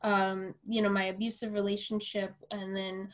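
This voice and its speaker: A woman's voice: mid-range voice, level tone, normal speed. A woman with a mid-range voice talks through a casual podcast conversation. She tells her story with energy, slipping into quoted voices of herself and others. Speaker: podcast host.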